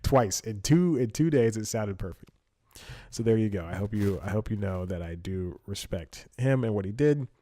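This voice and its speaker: Low-voiced rambling comedy podcast host. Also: male voice, animated, normal speed, mellow. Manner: rambling and self-interrupting, wry. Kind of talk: casual solo comedy monologue. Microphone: studio mic, wearing headphones.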